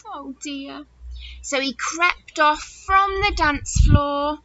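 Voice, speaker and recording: Woman teacher, very high bright voice, slow and lively, reading a storybook to kids, slightly muffled recording. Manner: expressive, warm-toned questioning of young listeners. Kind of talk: reading a picture book aloud to children.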